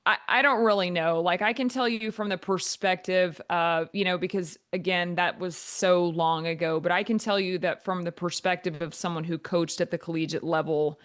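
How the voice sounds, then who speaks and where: Low, monotone woman telling stories. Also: normal speed, few pauses. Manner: talks in long flowing answers with many fillers. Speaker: guest, volleyball coach. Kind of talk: podcast interview.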